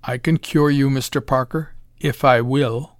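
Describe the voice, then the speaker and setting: A smooth, condescending mad-scientist doctor , as a male reader voices him, calm and cheerfully cruel. The voice sits in a middling pitch, and it is recorded dry, close and clean. He sounds like a storybook villain from a pulp tale. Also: measured pace, dry recording, natural voice. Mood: menacing.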